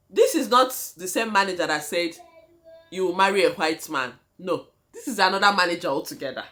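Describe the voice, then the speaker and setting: Animated Nigerian woman vlogger, lowish voice. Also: a little fast. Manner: animated, dramatic, addresses viewers as guys. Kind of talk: storytelling vlog.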